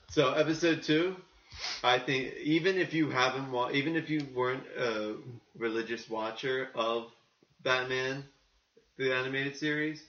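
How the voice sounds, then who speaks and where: A man co-hosting a casual podcast, his voice bright and forward. He chats and riffs eagerly. The sound is roomy, a little dull, with a faint hiss behind him. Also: medium pitch. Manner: chatty, quick to jump in and riff. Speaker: podcast co-host.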